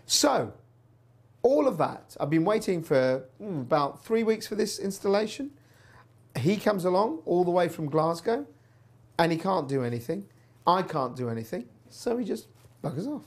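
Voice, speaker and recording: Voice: mid-range voice, big pitch swings, moderate pace, breathy edge. A presenter telling a personal story in a chatty, wry way while hosting a news show. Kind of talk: casual news commentary.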